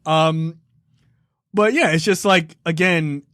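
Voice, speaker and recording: A man's voice: on the high side, takes it slowly, a bit bright, dry recording, clean studio sound. A man co-hosting a film review podcast in loose, profane casual chat, laughing and acting out lines from the show. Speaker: podcast co-host.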